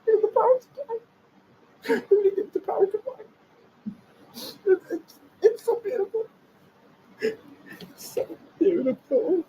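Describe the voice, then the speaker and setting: Man putting on a wailing jealous rival, high pitched, sobbing, tearful voice. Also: sing-song, moderate pace, long pauses, mellow, slight background noise, low-quality recording. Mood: weeping. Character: sobbing jealous adult male rival, overwhelmed.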